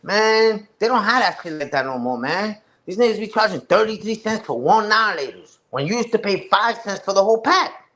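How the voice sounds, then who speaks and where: A man's voice: sits high, expressive, fairly quick, fairly bright tone. A man chatting casually with a live stream audience. He tells loose, slang-heavy, profane stories full of restarts. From New York.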